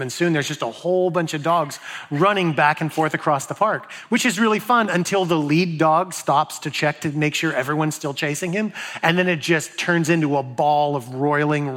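A man's voice: a little high, fairly bright tone. Joking, conversational man preaching. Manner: conversational, joking storytelling with asides to the audience. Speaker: pastor. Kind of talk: sermon.

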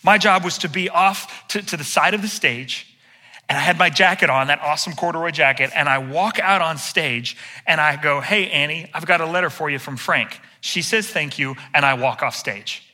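A middle-aged male pastor telling a self-deprecating personal story in an animated sermon. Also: a little high, moderate pace.

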